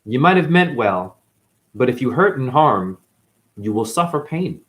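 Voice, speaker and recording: Rambling spiritual guy from new england, swears a lot, voice all over the place, mutters then gets loud. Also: medium pitch, sing-song, unhurried. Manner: rambling, profane, swinging between muttering and loud outbursts. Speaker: spiritual teacher, former dancer.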